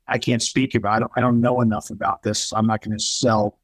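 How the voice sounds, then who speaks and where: A middle-aged man, a podcast guest telling his life story in a candid, animated way, acting out the people he quotes. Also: lowish voice, fast talker, no echo, rough recording. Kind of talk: casual storytelling.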